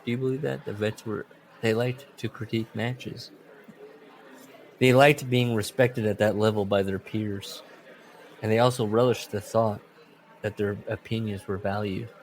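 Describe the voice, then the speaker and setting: A man co-hosting a podcast, chatting casually and reading aloud from a book, with animated swings into quoted voices. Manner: animated, jumps into loud high put-on voices when quoting. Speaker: podcast co-host.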